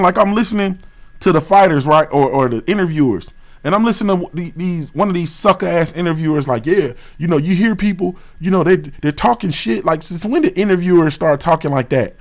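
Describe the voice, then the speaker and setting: A boxing show host from Ohio, speaking. He rants on a livestream, heated and profane, loops back on his own phrases, and piles on street slang. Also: a little high. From West Dayton, Ohio, USA. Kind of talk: livestream rant.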